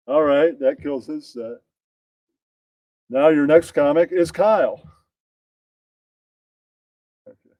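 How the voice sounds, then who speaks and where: A man's voice: a little high, takes it slowly, pauses often, dark tone, highs cut off. A man hosting a comedy bit, narrating in an offhand, joking way.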